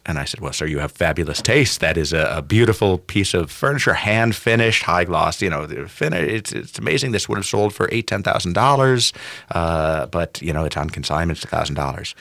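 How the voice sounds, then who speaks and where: Deep-voiced man telling a story. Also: fairly quick, gravelly, no echo. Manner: animated storyteller, swings loud and soft. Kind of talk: casual storytelling chat.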